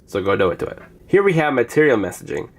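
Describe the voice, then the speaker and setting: A man's voice: mid-range voice, sing-song, fast. A man casually reviewing phone apps, chatty as he demonstrates each one on screen. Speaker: app reviewer. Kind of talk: casual app review narration.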